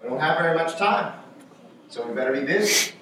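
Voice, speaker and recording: A man's voice: a little high, lively intonation, fairly quick, bright, forceful tone, very echoey, recorded from a distance, a little hiss or hum, low-quality recording. A man preaching a sermon with emphasis, repeating his key phrases.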